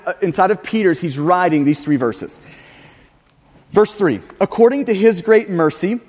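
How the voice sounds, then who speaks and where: Male pastor, high-pitched, emphatic sermon delivery with restarts, reverberant sanctuary. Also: a little mellow. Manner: emphatic, repeats words, frequent restarts.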